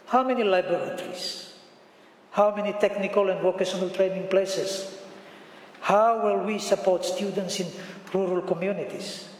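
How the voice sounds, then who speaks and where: A man with a Solomon Islands accent giving a formal parliamentary speech, listing his points one by one. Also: sits high. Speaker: member of parliament. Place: parliament chamber. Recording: echoey hall.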